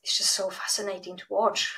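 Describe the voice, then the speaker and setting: Brief: female host, bright and sharp timbre, candid and halting. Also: medium pitch, level tone, low-quality recording. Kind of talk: casual chat.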